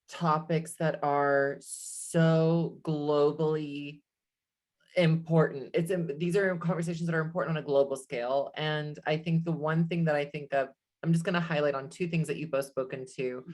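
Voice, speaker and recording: A woman with a deep voice hosts a casual podcast chat. She speaks earnestly and thoughtfully, leaning on her important words. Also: steady tone, measured pace, a little mellow. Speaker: podcast host. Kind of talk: casual conversation.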